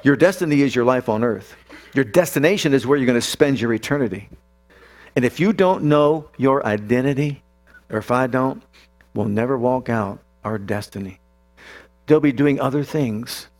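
A man preaching a sermon as pastor. His delivery is emphatic, with drawn-out declarations and sudden drops and rises. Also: mid-range voice, darkish tone.

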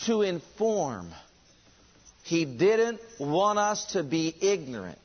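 A man's voice: a little high, big pitch swings, slow, breathy edge, dull audio. A man preaching a sermon, driving his points home with rhetorical questions and emphatic repetition.

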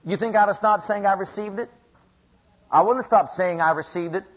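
Husky-voiced male preacher, emphatic sermon. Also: sits high, a little fast. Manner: emphatic and repetitive, asks the congregation questions. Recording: dull lo-fi recording.

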